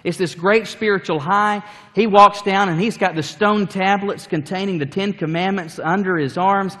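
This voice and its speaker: A male pastor delivers a sermon and tells the story with acted-out scenes. His voice sits a touch high and rings in a hall with a long reverb. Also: fairly even intonation, normal speed, fairly bright tone.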